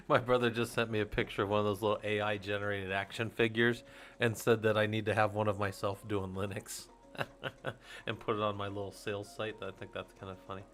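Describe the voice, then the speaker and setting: A man's voice: on the low side, fairly even intonation, normal speed, long pauses, fairly bright tone. A man in his forties hosting a casual livestream, rambling to his viewers, laughing often and swearing casually. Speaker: host of a Linux user group stream.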